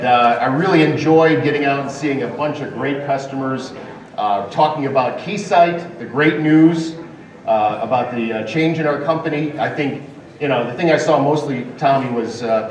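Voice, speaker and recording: A man's voice: mid-range voice, a little hiss or hum. A man appearing as a guest on a live stage show, bantering playfully with comic setups and punchlines. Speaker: guest executive. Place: large event hall with audience. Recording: echoey hall from far off, crowd behind.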